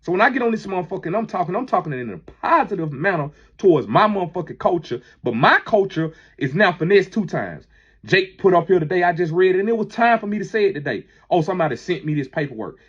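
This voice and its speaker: A man delivers a fiery, preachy monologue, his raspy voice sitting a bit high and climbing toward near shouting. The audio is muffled and lo-fi. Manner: heated, profane, preachy, rising to near shouting. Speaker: manager addressing critics. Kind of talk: impassioned monologue.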